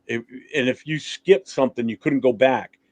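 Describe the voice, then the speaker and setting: A man's voice: mid-range voice, normal speed, slight background noise. A middle-aged man hosting a livestream talk show, telling childhood stories in a loose, laughing, profane way. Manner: laughing, profane, animated storytelling. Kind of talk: casual chat, storytelling.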